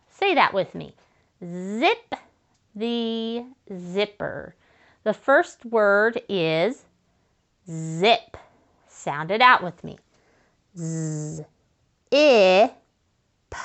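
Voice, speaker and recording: A woman teaching young children to write sentences, sounding out letters slowly and praising them. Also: mid-range voice, a bit bright. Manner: slow and encouraging, sounding out letters. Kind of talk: early-grade writing lesson to children.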